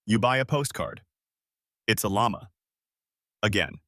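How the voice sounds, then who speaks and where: Male narrator, dry deadpan read, animated pitch, no room sound. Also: measured pace, no echo. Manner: dry, clipped deadpan delivery in short sentences.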